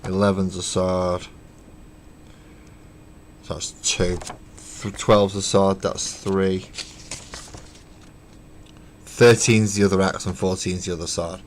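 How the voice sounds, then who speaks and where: A fairly low-voiced man talks loosely to his stream while he works at home, counting pieces under his breath and poking fun at himself. He swears offhandedly, and a faint hum of room sound sits behind him. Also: level tone, takes it slowly, long pauses. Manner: chatty and self-mocking, counts parts aloud, swears casually. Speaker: streamer building miniatures. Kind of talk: casual live-stream chat while working. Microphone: webcam stream.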